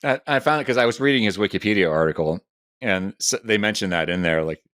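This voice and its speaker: A man's voice: fairly low pitch, fast, a bit bright, dry recording, studio quality. A man co-hosting a casual film review podcast, enthusiastic and laughing often as he talks. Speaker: podcast co-host.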